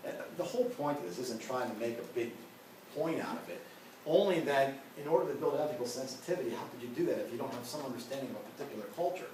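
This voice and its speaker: This ethics lecture features a male instructor with a medium-pitched, darkish voice who speaks expressively at a quick pace. He's casual, full of personal stories and repeated "you know" and "right?". Recorded in a lecture room by a distant mic, it sounds very echoey, far off, with faint hiss.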